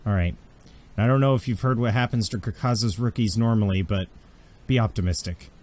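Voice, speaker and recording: A man narrating as game master of a tabletop role-playing game, lively and often laughing. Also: on the low side, brisk.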